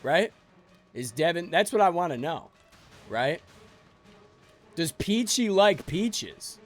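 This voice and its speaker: A man's voice: fairly high pitch, big pitch swings, takes it slowly, faint music behind. A man streaming a game live, joking and rambling sleepily with his chat.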